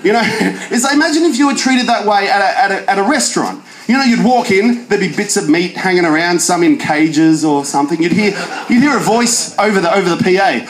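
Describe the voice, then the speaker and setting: Animated comedian in a roomy pub. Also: male voice, high voice, brisk, hardly any pauses. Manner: animated joke delivery with shouted bits. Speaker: stand-up comedian. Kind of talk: stand-up comedy set. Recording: roomy live venue sound.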